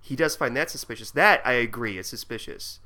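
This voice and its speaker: A man co-hosting a podcast in casual chat, with a bright, forward voice. He retells scenes with strong, opinionated commentary. His pitch sits in the middle. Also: a little fast. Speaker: podcast co-host.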